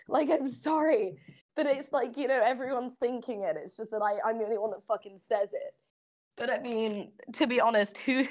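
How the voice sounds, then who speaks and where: Voice-chat woman with a slight British accent, fairly high and very dry, blunt and sweary. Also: no echo. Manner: blunt, profane, ranting with restarts. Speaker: voice chat participant. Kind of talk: casual voice chat. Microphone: computer mic in voice chat.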